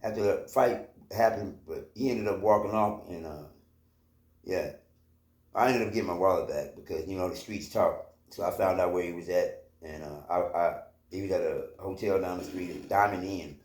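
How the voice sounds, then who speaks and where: A man's voice: low voice, normal speed, a little mellow. A man casually telling a personal story from his own life, rambling, with lots of fillers and swearing. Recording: roomy echo.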